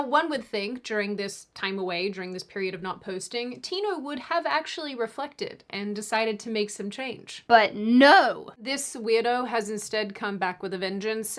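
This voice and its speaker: A woman at an ordinary middle pitch reads a scripted commentary video. She keeps a sarcastic edge and breaks off for jokey asides and mock apologies. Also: a bit bright.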